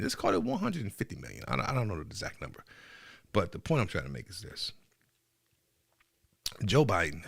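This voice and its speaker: A man's voice: low-pitched, dry recording, clean studio sound. A man hosting a podcast, delivering a heated, profane political monologue that keeps building, with emphatic repeats. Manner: repetitive, emphatic. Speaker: podcast host.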